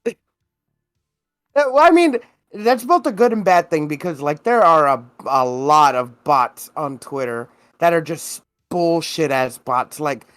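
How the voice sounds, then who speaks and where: A young man co-hosting a podcast in casual chat, profane and quick to laugh. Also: fairly high pitch, expressive, fairly bright tone, smooth, dry recording. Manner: profane, laughing, restarts a lot. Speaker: podcast co-host and streamer.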